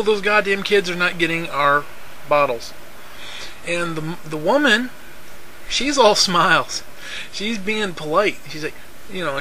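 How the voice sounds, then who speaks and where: A man with a high, bright voice tells a long personal story in a loose, conversational way. He rambles, swears casually, and often circles back to repeat himself. Short laughs break into his telling. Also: slight background noise, rough recording.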